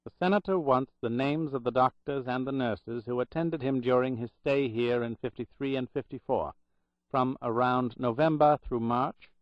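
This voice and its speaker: A man's voice: medium pitch, normal speed, dry recording, dull audio, close to an everyday voice. A man voicing a chatty, portly woman hospital clerk with a Boston accent, gushing and gossipy.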